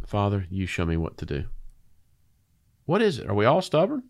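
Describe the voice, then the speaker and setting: A man with a fairly low voice hosts a relaxed faith conversation. He teases his guest with playful questions, then moves into preacher-style reflection. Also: moderate pace, pauses often. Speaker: host.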